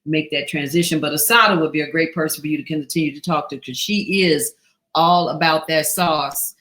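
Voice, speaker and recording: A woman with a low, fairly bright voice hosts a casual live chat with her adult daughter, speaking fairly quickly. She reads viewers' messages aloud and responds earnestly and affirmingly, often letting her sentences trail off unfinished.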